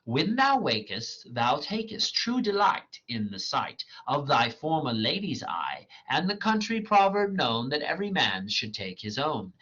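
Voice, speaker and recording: A man's voice: on the high side, big pitch swings, unhurried, hardly any pauses, bright, forceful tone, husky, exaggerated voice. A man reading the part of a mischievous male sprite in sing-song rhymes. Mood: playful. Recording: lo-fi dull recording.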